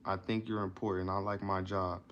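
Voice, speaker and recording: A man's voice: low-pitched, little pitch movement, fairly quick, fairly bright tone, dull audio, slight background noise. A man reading passages from a self-help book aloud and explaining them in casual slang, often repeating and restarting himself. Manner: reads passages, then explains them in loose slang asides.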